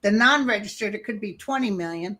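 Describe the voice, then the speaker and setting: A woman in a casual political chat on a video call, emphatic and quick to agree. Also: medium pitch, expressive, pushed and bright.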